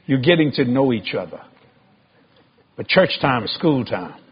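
A man preaching a sermon to a congregation, with emphatic stresses and sudden high shouted climbs. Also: big pitch swings, unhurried, slightly rough, highs cut off.

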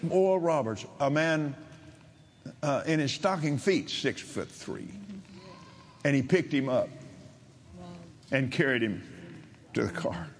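An older man preaching, telling a story in a halting way with repeated words, then rising to loud, emphatic preaching. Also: on the high side, expressive, a little hiss or hum. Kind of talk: sermon storytelling.

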